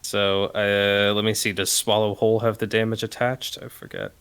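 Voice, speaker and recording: A man's voice: lowish voice, flat delivery, normal speed, fairly bright tone, smooth. A man playing a tabletop game, hesitantly thinking aloud as he works through his turn. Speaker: player. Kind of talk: casual tabletop game play.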